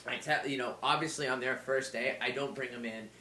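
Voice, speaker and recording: Rambling, bright-voiced man in a roomy space. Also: mid-range voice, fairly even intonation, fairly quick, slight background noise. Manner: rambling, filler-heavy and profane. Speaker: Muay Thai fighter and trainer, podcast guest. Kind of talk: casual podcast chat. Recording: roomy echo.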